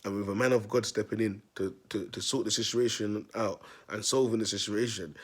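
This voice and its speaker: A man tells a long, rambling story straight to his viewers. His voice sits low and sounds rough and husky. He talks in street slang, repeats phrases and keeps asking if they get him. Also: fairly even intonation, a little fast. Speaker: self-styled prophet vlogger.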